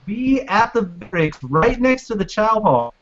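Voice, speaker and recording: Male co-host, profane storyteller, high animated voice, dull mic. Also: measured pace, a little hiss or hum. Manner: rambling anecdotes, heavy swearing. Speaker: podcast co-host. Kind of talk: casual chat. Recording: dull lo-fi sound.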